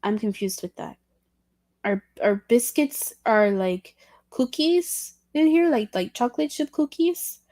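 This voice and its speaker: A woman whose first language is Spanish rambles through a casual livestream chat, asking curious questions and apologizing often. Her voice sits fairly high. The recording is dry and close. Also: animated, measured pace, mellow, no echo.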